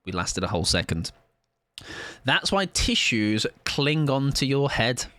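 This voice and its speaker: A man's voice: medium pitch, very animated, a little slow, sharp tone, no room sound. A young man streaming a game live, chatting in a joking, self-mocking, rambling way.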